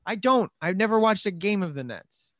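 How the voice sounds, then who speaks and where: A man from Queens, New York, co-hosting a podcast in casual chat, teasing and bantering, and he gets loud when he argues back. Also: sits high, lively intonation, fairly quick, no echo. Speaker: podcast co-host.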